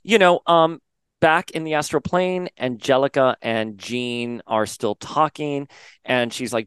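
A man's voice: medium pitch, a little slow, a bit bright, clean tone, dry recording. A man hosting a podcast, casually recapping a comic story and paraphrasing the characters' lines in a chatty way. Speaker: podcast host.

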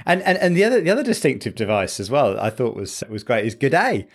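A man's voice: medium pitch, big pitch swings, fast talker. Brief: friendly male interviewer, medium voice, casual rambling questions. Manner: chatty, stammers on restarts, laughs easily.

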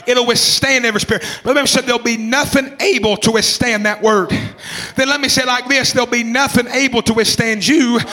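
A man in his twenties preaching a fervent sermon, repeating phrases, shouting some lines and calling on listeners by name. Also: extremely high pitch, fairly even intonation, fairly quick. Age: 20s. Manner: calls out congregation members by name.

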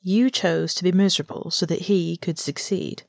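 A woman voicing a young man, a loyal friend, who speaks soft and careful with light teasing. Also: on the low side, fairly even intonation, moderate pace, creaky. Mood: gentle. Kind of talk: audiobook character reading.

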